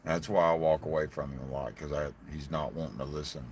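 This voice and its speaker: Deep-voiced cussing Southern man. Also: fairly even intonation, quick pace, a little mellow, a little hiss or hum. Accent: Southern US hillbilly. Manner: profane, blunt, rambling. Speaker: livestreaming vlogger. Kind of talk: casual live-stream chat.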